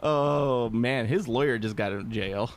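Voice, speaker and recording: A man's voice: mid-range voice, unhurried. Man co-hosting a podcast, swearing. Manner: swearing, laughing, rambling banter. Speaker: podcast co-host. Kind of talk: casual chat.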